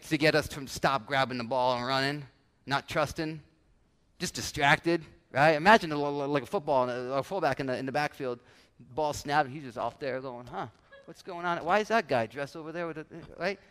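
A male pastor preaching a sermon with animated delivery, now and then acting out everyday voices to make his point. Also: mid-range voice, normal speed, clear, resonant tone. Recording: long church hall reverb.

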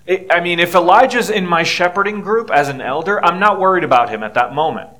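A middle-aged pastor preaches a sermon earnestly and conversationally, building to emphatic peaks and then dropping into quiet, tender passages. His voice sits high and he speaks fairly quickly.

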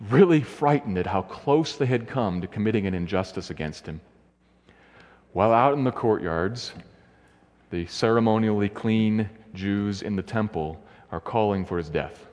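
A man preaching a sermon and retelling a story. He acts out the quoted voices by shifting his pitch. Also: a little mellow. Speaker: pastor. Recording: long hall reverb.

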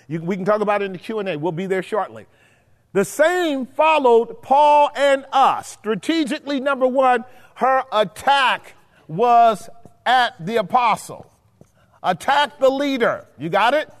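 A man's voice: sits high, in a large hall. A man teaching a Bible study in preaching style, emphatic, repeating his points and checking in with his listeners.

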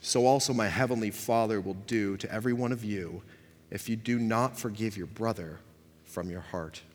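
A man reading a passage of scripture aloud in a measured, formal way during a church service. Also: on the low side, long reverb tail, slight background noise. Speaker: scripture reader.

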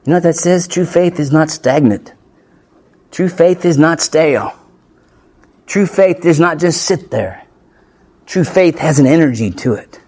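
A man's voice: a little high, a little slow, long pauses, darkish tone. A male pastor preaching an expository sermon, emphatic and punchy, firing off rhetorical questions and tossing in playful asides. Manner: playful asides with light laughs.

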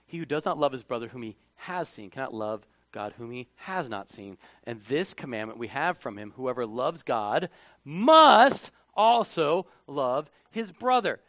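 A male pastor giving a conversational sermon, animated, swinging from hushed asides to loud, emphatic bursts. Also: medium pitch, a little slow, no room sound.

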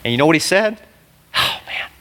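A man delivers a sermon with a voice set somewhat high for a man. His tone is bright and forceful. He preaches in an animated way, shouting out one moment and dropping to a near hush the next. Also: brisk. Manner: animated, exclamatory preaching that swings from loud to hushed. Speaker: pastor.

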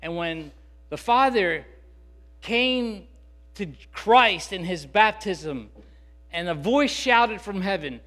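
A man's voice: high-pitched, lively intonation, slow, a bit bright. A man preaching a sermon, earnest and conversational, with fillers and restarts that build to emphatic, rising passages. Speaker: pastor.

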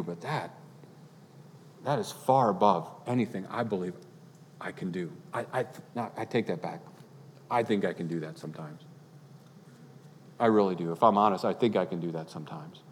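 A man preaching a sermon as pastor, earnest, building to impassioned peaks and then dropping quiet. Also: lowish voice, slight background noise. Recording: long hall reverb.

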